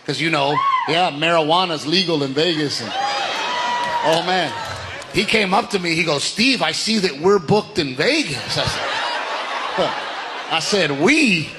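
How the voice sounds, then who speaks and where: A man's voice: on the high side, moderate pace. Male stand-up, conversational and incredulous, noisy club. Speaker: stand-up comedian. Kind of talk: stand-up comedy. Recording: stand-up stage with room noise.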